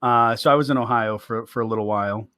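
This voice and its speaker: A man's voice: medium pitch, fairly even intonation, fast, sharp tone, clear, resonant tone, no room sound, clean studio sound. A man born in New England and raised in the South, with a slight Southern twang, co-hosting a jokey casual chat and laughing often. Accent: mild mixed US accent with a slight Southern twang. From born in Rhode Island, raised in the US South. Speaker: podcast co-host.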